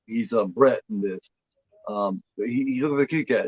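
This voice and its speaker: A man's voice: mid-range voice, a little fast, breathy edge, no echo, lo-fi sound. A man co-hosting a horror movie chat show, rambling and swearing freely in casual talk. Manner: rambling, swears freely, voices the cat in a playful drawl.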